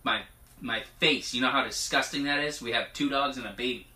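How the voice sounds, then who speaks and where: A man preaching informally, reading scripture aloud in a chatty way, often laughing and at times turning hushed and emotional. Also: medium pitch, a little fast. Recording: echoey room, mic at a distance.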